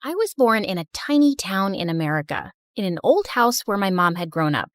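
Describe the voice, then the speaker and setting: A woman narrating an animated story in the first person, in an expressive, confessional tone. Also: medium pitch, a little fast, no room sound, clean studio sound.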